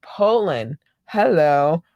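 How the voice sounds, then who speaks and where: A woman's voice: sits low, big pitch swings, extremely slow, no room sound, highs cut off. Effusive woman podcast host, dry sound. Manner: effusive, gushing shout-outs to listeners; chatty with frequent ums and slang. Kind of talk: casual solo podcast chat.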